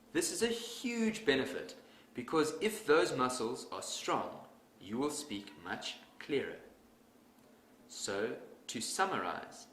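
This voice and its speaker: A man teaching English pronunciation in a measured, deliberate scripted talk, leaning hard on example words. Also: mid-range voice, sharp tone, slight background noise. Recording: echoey room with faint ambience.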